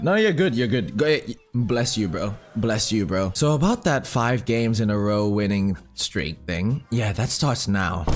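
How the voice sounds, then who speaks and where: A young gaming commentator with a medium-pitched voice tells a casual, meandering story while playing live. He gets excited easily, curses without restraint, leans on slang, and mumbles about what he's doing in the game.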